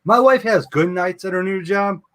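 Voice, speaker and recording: A man's voice: high voice, normal speed, fairly bright tone, a little hiss or hum. A man hosting a casual live chat, telling a long profane story about his wife's job. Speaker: show host.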